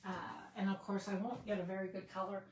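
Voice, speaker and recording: Middle-aged woman, craft video host, talks to viewers at home in a rambling way that keeps breaking off, over a faint hiss at a mid pitch. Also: little pitch movement, quick pace. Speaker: card-making video host. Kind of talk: casual chatty craft demo.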